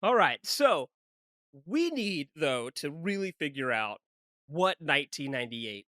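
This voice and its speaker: Young man, podcast co-host, animated, jokey, bright voice, lively pitch. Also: a little slow, dry recording. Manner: animated, laughs often, jokey. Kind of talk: casual movie podcast chat.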